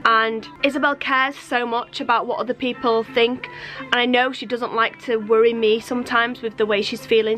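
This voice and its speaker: A woman's voice: fairly high pitch, fairly bright tone. A woman, talking to camera in a casual vlog, exasperated and emphatic, laughing between points. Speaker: family vlogger.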